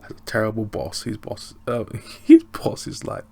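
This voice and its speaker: A man's voice: on the low side, wildly swooping pitch, normal speed, vocal fry, dark tone. An English man reviewing a show in a loose, rambling, chatty way. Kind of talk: casual review chat.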